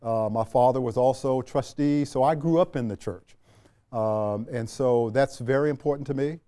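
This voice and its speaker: A man from Washington, D.C., a retired general as interview guest, telling a reflective story with unhurried pauses and frequent fillers. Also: medium pitch, mellow, smooth.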